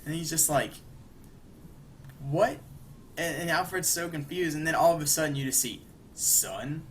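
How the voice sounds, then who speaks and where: A man's voice: a little high, a little fast, a little hiss or hum. Rambling young man retelling a cartoon. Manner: rambling, acts out quoted lines with animated bursts. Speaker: podcast co-host. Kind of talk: casual chat, retelling an episode.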